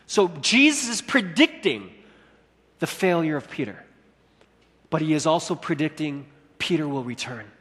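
A man preaching a sermon in a church hall, lively and acting out the quoted lines. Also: on the high side, normal speed, long pauses. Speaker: pastor.

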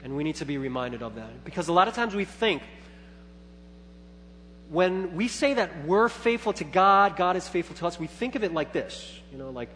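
A man in his thirties preaches to his congregation in a high, bright voice. He moves from quiet reflection to loud, animated storytelling, acting out his own thoughts. His voice rings through a reverberant church hall over a faint hum. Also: normal speed. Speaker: pastor. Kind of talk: sermon.

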